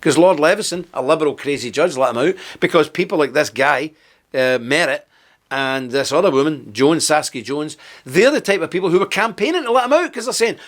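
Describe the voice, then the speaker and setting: A man's voice: on the high side, expressive, fairly quick. A man giving a heated, scornful video commentary, sarcastic and full of contempt as he rants. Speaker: political commentator.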